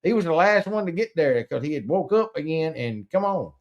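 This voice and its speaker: A man's voice: a little high, animated, brisk, dull audio. A man telling a rambling, profane, folksy story in casual chat, with frequent stammered restarts. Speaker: podcast host.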